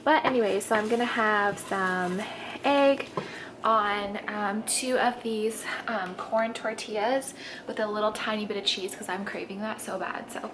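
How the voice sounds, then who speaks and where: A woman's voice: mid-range voice, steady tone, unhurried, background noise. A young woman chatting to her camera at home, rambling and confessional, tired and tearful with sniffles. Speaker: vlogger. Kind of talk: casual chat. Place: at home in a kitchen.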